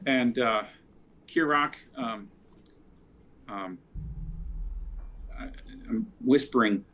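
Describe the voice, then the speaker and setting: A man's voice: mid-range voice, takes it slowly, pauses often, a bit bright, slight background noise, low-quality recording. Methodical male tabletop player. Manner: methodical, asks pointed questions. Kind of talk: casual tabletop play.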